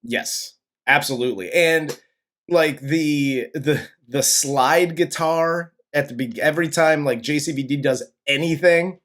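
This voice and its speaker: A man's voice: fairly high pitch, unhurried, fairly bright tone. A man co-hosting a casual movie review show. He talks in a laid-back, profane way and laughs often. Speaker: podcast co-host, movie reviewer. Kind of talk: casual chat.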